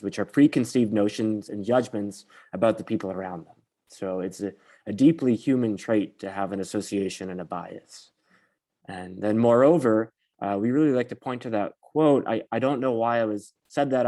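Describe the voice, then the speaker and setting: A man facilitating an online bias training, speaking in a measured way with frequent pauses. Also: fairly low pitch, dark tone. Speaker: workshop facilitator.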